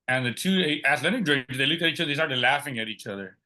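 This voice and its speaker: Brief: middle-aged man, guest storyteller, bright and forceful tone, acts out what others said. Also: fairly high pitch, fast talker, hardly any pauses. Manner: lively, acts out quoted dialogue. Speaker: podcast guest. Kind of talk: personal storytelling.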